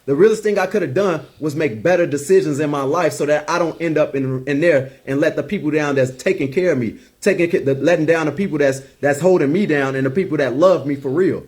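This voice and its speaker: A man's voice: a little high, fast talker, hardly any pauses, darkish tone. Emphatic man preaching with heat. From United States. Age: 30s. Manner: preachy, emphatic, repeats words when heated. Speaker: podcast host. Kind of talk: impassioned commentary.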